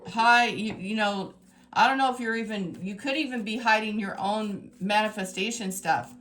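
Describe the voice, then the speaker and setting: A woman giving a tarot reading to her viewers, talking in an emphatic, exasperated way that swings between scolding and excitement. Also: medium pitch, moderate pace. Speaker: tarot reader.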